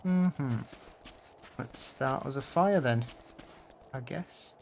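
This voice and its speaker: A man's voice: mid-range voice, slow, creaky, background noise. A man giving casual let's play commentary with offhand, mildly sarcastic asides. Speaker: gamer.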